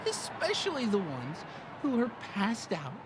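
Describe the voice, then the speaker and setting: An actress playing a tipsy, giggling would-be poet in a game. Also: female voice, mid-range voice, wildly swooping pitch, measured pace, noisy background. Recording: game audio with clear background ambience.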